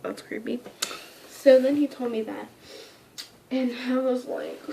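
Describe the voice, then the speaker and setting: A woman's voice: a little high, measured pace, creaky, mellow, slight background noise. A young woman casually telling a rambling storytime, often dropping into whispers and squealing when she quotes herself. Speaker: vlogger.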